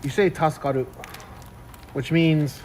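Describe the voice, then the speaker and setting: A man's voice: a little high, steady tone, slow pace, a little mellow, a little hiss or hum. A young man streaming while opening card packs, joking playfully with friends. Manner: playful, self-mocking, laughs often. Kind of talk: casual banter on a livestream. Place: indoor room with buzzing lights. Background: faint light buzz.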